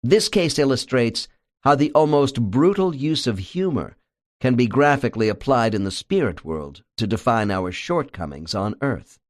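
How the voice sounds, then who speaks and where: A male audiobook narrator reads a script expressively, his mid-range voice moving at a moderate pace. The recording is clean studio sound with no echo.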